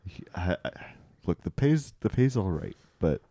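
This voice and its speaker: Low, dry-voiced man rambling in improv comedy. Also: big pitch swings, normal speed, dark tone, dry recording. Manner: rambling, self-interrupting, wry. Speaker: podcast host.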